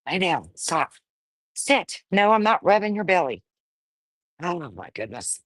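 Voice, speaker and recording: A woman's voice: lowish voice, sing-song, unhurried, dry recording. A woman breeding dogs, casually livestreaming while she firmly coaxes a wriggling puppy, talking in a folksy way. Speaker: dog breeder.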